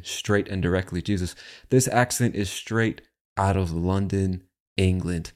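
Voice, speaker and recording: Deep-voiced brash podcast host. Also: male voice, steady tone, moderate pace. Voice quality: brash, chatty, swears freely. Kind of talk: casual podcast chat.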